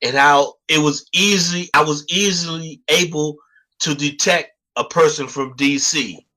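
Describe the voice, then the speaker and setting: Host guy, sharp bright voice, lots of right and uh-huh, bit higher. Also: unhurried, rough recording. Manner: encouraging listener, lots of short backchannels. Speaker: interview host. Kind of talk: casual interview.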